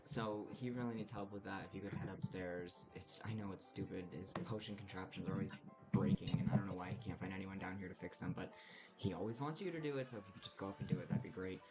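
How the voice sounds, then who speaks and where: A man voicing a chatty, fretful androgynous tiefling drow bartender who talks fast and breezily, in a tabletop game. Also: deep voice, music in the background. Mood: worried. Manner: quick, gossipy, breezy complaining.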